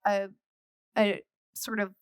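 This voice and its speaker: A woman's voice: mid-range voice, flat delivery, slow pace, clean tone, no echo, studio quality. A woman hosting a podcast, asking reflective questions and affirming her guest. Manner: reflective, affirming, frequent backchannel. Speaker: podcast host. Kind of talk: conversational interview.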